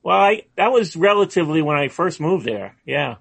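A man calling in to a comedy talk show, telling a story in a hesitant, halting way. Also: fairly high pitch, expressive, gravelly, a bit bright, slightly rough, no room sound. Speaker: caller. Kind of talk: comedic call-in chat.

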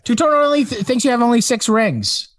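A man's voice: very high voice, fairly quick, fairly bright tone. A man co-hosting a casual chat, teasing and relaying another caller's words. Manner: teasing, repeats and relays what others say. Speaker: podcast co-host.

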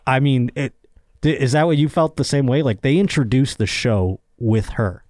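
A man's voice: medium pitch, normal speed, darkish tone, dry recording, clean studio sound. A young man hosting a podcast, rambling and joking crudely in casual chat. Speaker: podcast host.

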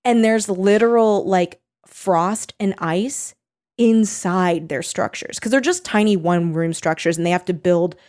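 A woman in casual conversation, retelling a story with lots of fillers and acting out quotes in high voices. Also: a little slow, darkish tone. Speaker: co-host recounting a reality show. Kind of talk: casual chat.

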